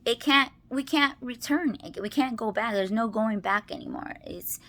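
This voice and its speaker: A woman's voice: on the high side, moderate pace, bright, forceful tone. Emotional woman rambling confessionally. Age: adult, married. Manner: rambling, restarts, many "like"s, tearful laughs. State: emotional, near tears. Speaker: personal vlogger. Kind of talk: confessional monologue.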